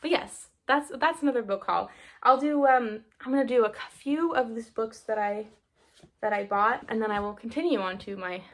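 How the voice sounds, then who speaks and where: A woman's voice: fairly high pitch, moderate pace. A young woman from the United States chatting casually to camera about a book haul, rambling and interrupting herself, teary and half-crying at times. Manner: rambling, self-interrupting, laughing through tears. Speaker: book vlogger.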